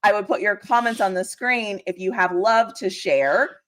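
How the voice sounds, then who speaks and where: A woman's voice: medium pitch, moderate pace, fairly bright tone. A woman hosting a casual sports live stream, chatty and teasing, reading out viewer comments with frequent laughs.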